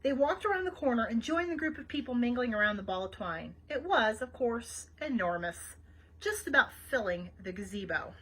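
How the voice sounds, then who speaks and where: A woman reading a children's novel aloud for a library program, expressive and chatty, with small asides to her listeners. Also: on the high side, normal speed, husky, rough recording. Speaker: library read-aloud host.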